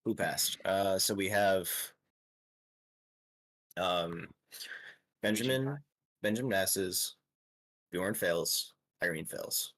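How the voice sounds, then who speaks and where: A young man narrating a tabletop game as game master, with many pauses and fillers. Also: low-pitched, a bit bright. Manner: hesitant, lots of ums, slow descriptive pacing.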